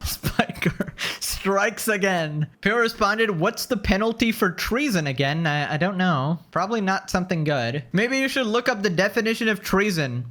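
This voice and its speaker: Male clip commentator, high voice, snarky and mocking throughout. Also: animated, normal speed, hardly any pauses, fairly bright tone. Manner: mocking, sarcastic. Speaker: online commentator.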